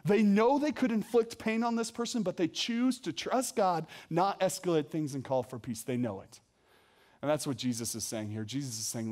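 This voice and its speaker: Earnest young male preacher, higher voice. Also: moderate pace, darkish tone. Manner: earnest, emphatic preaching with rhetorical questions. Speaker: young adults and high school pastor. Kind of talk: sermon.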